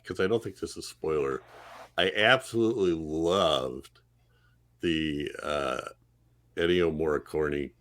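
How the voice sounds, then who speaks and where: A middle-aged man with a very low voice chats on a podcast panel about a film. He is enthusiastic and stumbles through restarts, repeating words as his excitement runs ahead. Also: measured pace, pauses often. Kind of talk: casual review chat.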